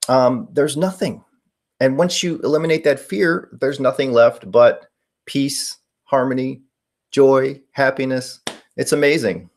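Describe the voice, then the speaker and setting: A man in his forties hosting a casual live stream, answering viewer questions in a rambling way with many fillers. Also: medium pitch. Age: 40s. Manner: rambling, reading chat questions aloud with fillers. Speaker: paranormal live-stream host.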